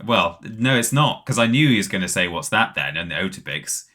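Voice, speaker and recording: A man's voice: fairly low pitch, lively intonation, brisk, sharp tone. Wry man hosting a watchalong. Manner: joking and wry. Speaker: host. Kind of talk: casual watchalong commentary.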